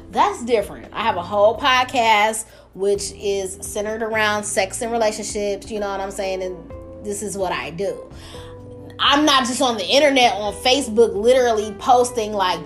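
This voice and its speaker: A young woman hosting her own podcast, ranting bluntly and profanely in a casual, animated way. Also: mid-range voice, moderate pace, faint music behind. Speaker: podcast host. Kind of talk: casual solo podcast rant.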